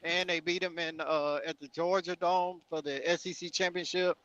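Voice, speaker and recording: A man's voice: a little high, steady tone, normal speed, a bit bright, no echo, muffled recording. A man on a casual sports panel, explaining his reasoning for his picks.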